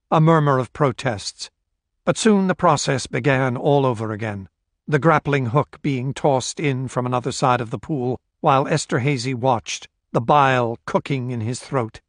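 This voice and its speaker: An audiobook narrator, male and mid-range in voice, reads a novel in scripted, measured storytelling. The studio-quality recording carries no echo.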